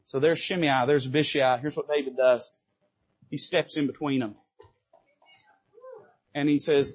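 A man preaching a sermon from a church pulpit, emphatic and lively, swinging between loud bursts and quiet asides and joking with the congregation. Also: mid-range voice, a little slow, long pauses, muffled recording. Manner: quips to the congregation. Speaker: Baptist preacher.

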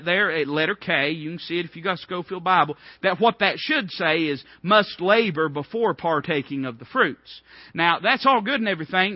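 Emphatic preacher, high voice. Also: male voice, no echo. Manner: emphatic, rising in bursts of repeated phrases. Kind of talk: sermon. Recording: dull, dry lo-fi recording.

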